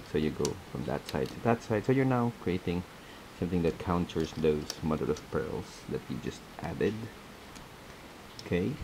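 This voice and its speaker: A man's voice: sits low, gravelly, background noise. A man hosting a casual step-by-step craft tutorial, chatty and laughing often as he repeats his instructions.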